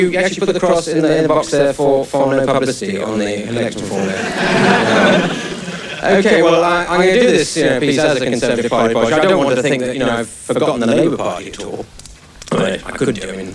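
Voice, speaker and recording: A male stand-up comedian chatting with the audience in a rambling, self-deprecating way, full of restarts, on a TV studio stage. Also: medium pitch. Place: TV studio stage under hot lights. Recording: echoey studio, distant mic. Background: studio audience laughing.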